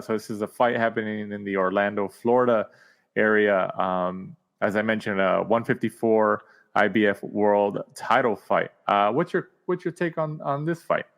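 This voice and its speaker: A man's voice: on the low side, moderate pace. A man hosting a podcast, easygoing and asking his guest questions. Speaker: podcast host. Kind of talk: casual podcast chat.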